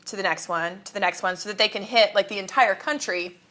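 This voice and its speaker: A woman's voice: mid-range voice, fast talker, bright, forceful tone. A woman from Kansas, a guest in a casual interview, telling stories animatedly, acting out quotes and laughing often.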